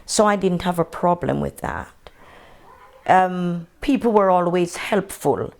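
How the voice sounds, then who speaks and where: An older woman from Jamaica with a Jamaican accent, telling her memories in an unhurried, matter-of-fact way during an oral history interview. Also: lowish voice, gravelly.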